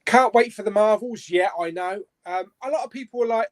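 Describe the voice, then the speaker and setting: A man's voice: high-pitched, lively intonation, normal speed. A man hosting a casual live-stream chat, rambling along with lots of fillers and restarts. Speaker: host.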